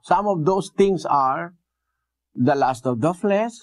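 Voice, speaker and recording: High-pitched guy preaching slow, lots of uhs and "no?" questions. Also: lively intonation. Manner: slow, deliberate, with hesitant fillers and rhetorical questions. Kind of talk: bible exposition sermon.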